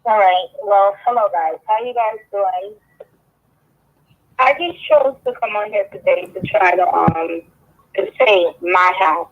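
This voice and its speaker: A woman's voice: medium pitch, a little slow, narrow, tinny audio. A woman guest explaining her side of a dispute in a live stream, hesitant with many ums and restarts.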